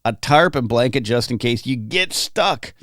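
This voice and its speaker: A man's voice: mid-range voice, animated, a little slow, a bit bright, dry recording, clean studio sound. Chatty man hosting a livestream. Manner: chatty, rambling, reads chat aloud. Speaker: livestream host. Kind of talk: casual livestream chat. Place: home, in California.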